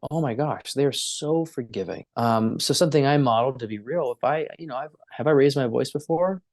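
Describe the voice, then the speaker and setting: A man's voice: mid-range voice, a little fast, a little mellow, no room sound, studio quality. A man in his thirties, a therapist, talking earnestly in an interview, asking himself rhetorical questions and restarting his sentences. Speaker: therapist, podcast guest. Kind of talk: conversational interview.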